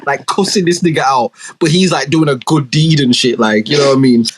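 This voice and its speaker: A young man, his voice husky and slightly breathy. He banters in a loose, animated way, packed with slang and swearing, like a podcast co-host riffing with his friends. His pitch sits in an ordinary middle range. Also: fairly quick. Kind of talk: casual chat.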